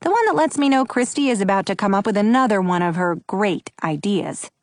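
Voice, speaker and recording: A woman narrating a children's story in the first person with a friendly, expressive reading. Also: mid-range voice, fairly quick, no echo, clean studio sound. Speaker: audiobook narrator.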